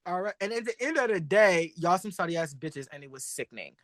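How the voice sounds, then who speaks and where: A man co-hosting a drag and pop culture show, chatting in a sassy, animated way and laughing often. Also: high voice, fast talker, dry recording. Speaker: podcast co-host. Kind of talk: casual chat.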